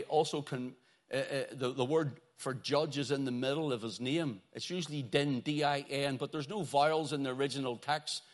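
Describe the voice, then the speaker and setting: A fairly high-pitched man delivering a sermon. He swings between ringing exclamations and phrases that fall almost to a murmur. He stretches out the words he wants his listeners to hold on to. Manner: dramatic preaching that swings from loud exclamations to near-murmurs; drawn-out, emphatic delivery on key phrases. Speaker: preacher.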